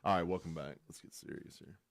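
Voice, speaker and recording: A man's voice: low voice, quick pace. A man hosting a real estate radio show, chatting casually with frequent restarts and fillers. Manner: jokey, laughs often, frequent restarts.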